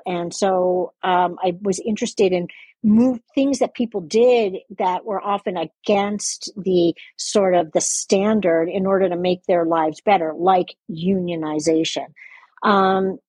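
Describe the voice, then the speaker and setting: A woman's voice: mid-range voice, a little mellow, husky, no echo. An older woman from Canada with a light Canadian accent, a guest reflecting at length in an interview, rambling and correcting herself with small laughs.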